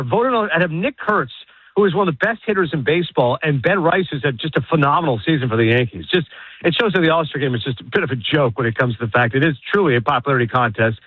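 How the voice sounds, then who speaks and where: A man, a guest on a sports radio show, ranting in rapid, animated, opinionated bursts over a phone call. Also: fairly high pitch, husky, no echo. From Canada. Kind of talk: casual sports radio chat. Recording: tinny phone line.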